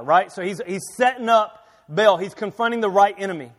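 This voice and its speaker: A man preaching a sermon as pastor, swinging from quiet talk to loud, emphatic reading, often restarting and repeating his words. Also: high-pitched, a little fast. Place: church sanctuary. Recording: long hall reverb.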